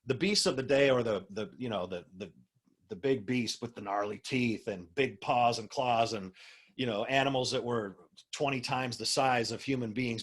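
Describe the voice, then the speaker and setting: A man's voice: mid-range voice, breathy edge. A man, a minister, teaching a spiritual class over a video call, stressing key words and putting questions to his listeners. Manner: asks the listeners rhetorical questions.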